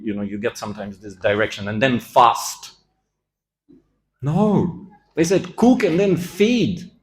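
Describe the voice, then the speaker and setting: A man's voice: medium pitch, darkish tone, a little hiss or hum. A man giving a scripture class in a temple, telling the story with animation and acting out the quoted lines.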